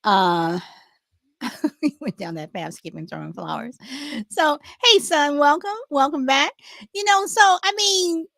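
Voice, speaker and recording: A woman's voice: high-pitched, animated, unhurried, creaky, bright, forceful tone, no room sound. A woman hosting a casual live chat show, rambling with many restarts and fillers. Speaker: host.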